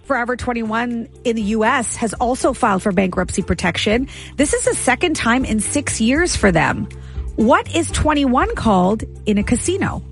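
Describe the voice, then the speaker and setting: A female radio co-host reads trivia questions and chats in a brisk way, laughing often. Her voice sits fairly high. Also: expressive, soft background music.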